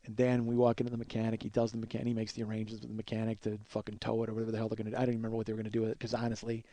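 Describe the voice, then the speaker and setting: Mellow-voiced man telling a profane story. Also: lowish voice, completely flat delivery, very fast, no room sound. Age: 40s. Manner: profane, self-deprecating, rambling. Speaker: comedy podcast host. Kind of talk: storytelling monologue.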